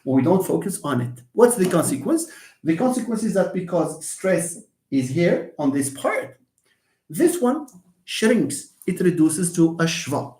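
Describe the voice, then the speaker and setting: A man's voice: high-pitched, sing-song, measured pace, darkish tone, roomy sound. Moroccan man teaching English pronunciation. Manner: repeats words, models pronunciation aloud. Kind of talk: live online lesson with questions.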